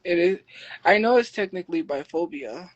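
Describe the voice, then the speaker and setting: Loud, defensive woman livestreamer. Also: lowish voice, lively intonation, moderate pace, lo-fi sound. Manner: talks loud by habit; defensive, argumentative. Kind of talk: live stream chat replies.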